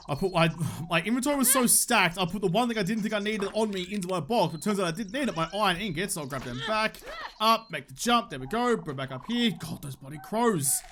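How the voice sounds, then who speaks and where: Young Australian man, high bright voice, casual sweary let's-play banter. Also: a little hiss or hum. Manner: joking, swears freely, talks to the game. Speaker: gaming YouTuber.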